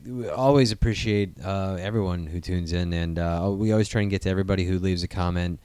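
A man's voice: deep voice, fast, dark tone, clean tone, dry recording. A man co-hosting a casual podcast, talking in a jokey, profane, rambling way. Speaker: podcast co-host.

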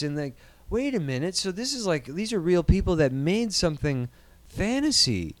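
A man's voice: sits high, sing-song, moderate pace, dry recording. A man in his thirties from Iowa, hosting a casual podcast and ranting animatedly about movie news, swearing freely. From Iowa, USA. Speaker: podcast host.

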